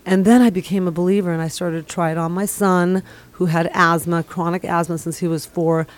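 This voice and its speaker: A woman's voice: on the low side, steady tone, a little fast. A middle-aged woman from the Middle East telling a long personal testimonial in an earnest, rambling way. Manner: earnest, rambling, many fillers. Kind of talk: casual storytelling.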